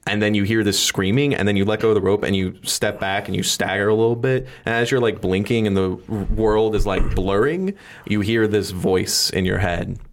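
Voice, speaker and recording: A man's voice: on the low side, normal speed. A man narrating a tabletop game as game master, loose and rambling with many fillers.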